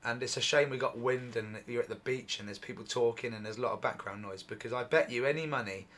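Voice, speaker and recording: A middle-aged man hosting a UFO channel, giving excited, repetitive commentary over video footage, his voice going hoarse. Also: mid-range voice, fast. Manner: excitable, repetitive, exclaims often.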